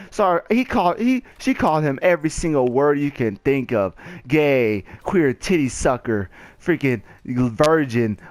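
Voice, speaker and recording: Young male gaming host, higher voice, loose animated storyteller who quotes everyone. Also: slight background noise. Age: young adult. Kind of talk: casual story time over gameplay.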